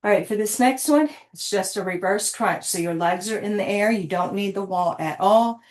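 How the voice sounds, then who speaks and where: A woman's voice: medium pitch, normal speed, a little mellow. A woman coaching a live workout, cueing exercises in an encouraging way and catching her breath between sets. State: winded. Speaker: fitness instructor.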